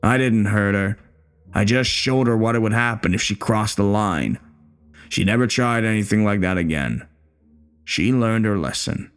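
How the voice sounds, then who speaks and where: A man's voice: lowish voice, moderate pace, smooth, close to an everyday voice. A man playing a bitter, crude older war veteran in a horror story, speaking in a coarse, taunting way. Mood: cold.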